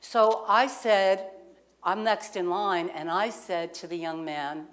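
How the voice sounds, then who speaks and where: Speaking at normal speed in a fairly low voice, a woman minister gives a sermon in a community center lounge. She shares a personal story casually and poses questions to the congregation.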